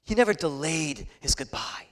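A man preaching a sermon, swinging between hushed, whispered passages and loud, emphatic peaks. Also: fairly high pitch, very animated, normal speed.

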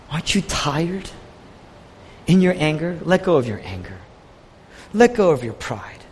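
A man preaching a sermon with an impassioned delivery that swings from quiet to raised, with a husky voice. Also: a little high, in a large hall.

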